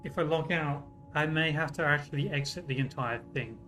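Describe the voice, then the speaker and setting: A man's voice: fairly high pitch, brisk, pushed and bright, faint music behind, low-quality recording. A man from Britain with a British accent, chatting casually and self-mockingly on a game livestream, swearing now and then. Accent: British English. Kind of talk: casual gaming stream chat.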